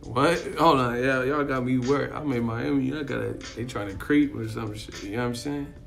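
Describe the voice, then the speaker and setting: A man's voice: medium pitch, steady tone, fairly quick, vocal fry, a bit bright, faint music behind. A man chatting casually on a live stream, rambling, swearing and laughing often, talking to his chat. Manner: rambling, profane, laughs a lot, acts out voices. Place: in Miami.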